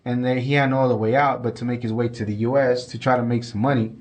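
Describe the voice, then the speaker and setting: A man's voice: medium pitch, fast talker. A man co-hosting a podcast, chatting casually and rambling with frequent repeats. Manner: rambling, repeats himself, animated when quoting. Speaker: podcast co-host. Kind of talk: casual chat.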